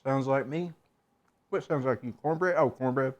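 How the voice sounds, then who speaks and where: A man's voice: medium pitch, normal speed, muffled recording. A man talking his way through a cooking stream, his voice sitting in an ordinary middle range. He rambles and mutters to himself as he works at the stove in a home kitchen. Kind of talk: casual cooking stream chatter.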